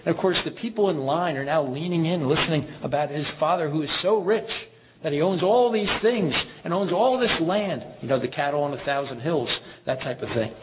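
A man preaching a sermon in an earnest, measured way, reading scripture passages aloud. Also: on the high side, expressive. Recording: tinny phone-like sound with background noise.

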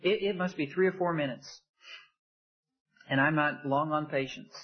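A man preaching a sermon with impassioned rhetorical questions, swinging between loud emphasis and hushed asides. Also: a little high, moderate pace, lo-fi sound.

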